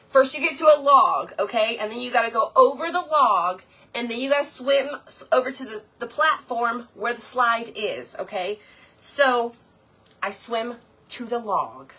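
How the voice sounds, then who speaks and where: A woman, telling a story in a chatty, animated way to her viewers while she does a craft project. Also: a little high, husky. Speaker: craft vlogger.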